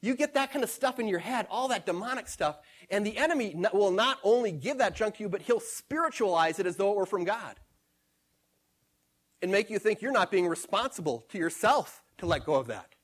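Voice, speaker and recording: High-voiced emphatic male preacher. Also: lively intonation, brisk. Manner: emphatic, repeats scripture phrases, swings between hushed and loud. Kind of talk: sermon.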